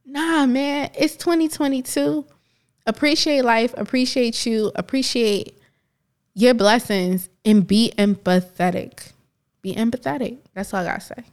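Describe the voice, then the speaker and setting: A woman co-hosting a casual podcast, talking in a loose, rambling way. She laughs easily and jumps from one tangent to the next. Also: a little high. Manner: animated, rambling, quick to laugh. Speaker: podcast co-host.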